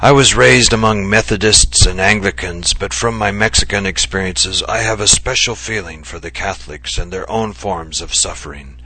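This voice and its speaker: A man reading aloud as a mischievous, ailing older writer, deep-voiced and husky, who slides between teasing and mock gravity. The recording is dry and close. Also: normal speed, few pauses, sharp tone, no echo, heavily acted. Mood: musing. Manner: mock-serious, mischievous, coughing bouts. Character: impish ailing older male writer, theatrical.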